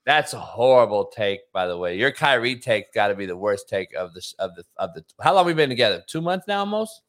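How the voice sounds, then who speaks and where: A man's voice: fairly low pitch, sing-song, brisk, a bit bright. A man hosting a casual sports debate show, brash and profane, often laughing and ribbing his co-host.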